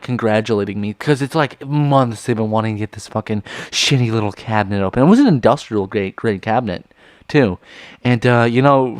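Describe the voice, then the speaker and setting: A young man rambles through a story for his vlog, full of fillers and casual swearing. His voice sits at an ordinary middle pitch. The sound is dry and close, with no room around it. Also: a little mellow, dry recording. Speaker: vlogger telling a school story.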